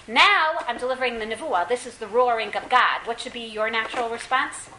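A woman teaching a classroom Bible lesson, lively and questioning, often quizzing her students. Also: a little high, a little fast, reverberant, slight background noise, low-quality recording.

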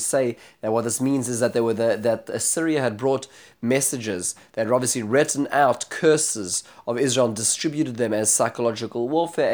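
A man giving a spoken lecture on scripture. He is animated, turns dramatic when he retells speeches, and often restarts and corrects himself. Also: medium pitch. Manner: frequent restarts and self-corrections. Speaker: Bible teacher.

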